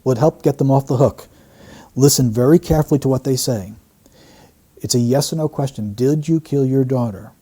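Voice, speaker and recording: A man's voice: mid-range voice, fairly quick, pauses often, mellow, husky. A man analysing an interview clip, explaining the wording of a statement phrase by phrase. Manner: explanatory, breaks down quotes phrase by phrase. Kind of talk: analytical commentary.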